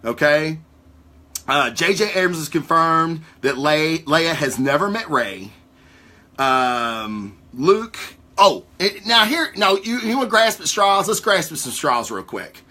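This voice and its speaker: A man hosting a casual talk show, rambling through theories with live viewers in a profane, excitable way. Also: fairly high pitch, slow pace. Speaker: podcast host.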